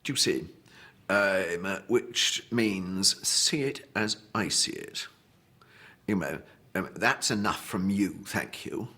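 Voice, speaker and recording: A man's voice: sits low, slow pace, bright, forceful tone, slightly rough. A man in an interview, demonstrating posh pronunciation with exaggeration and fillers. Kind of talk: interview answers.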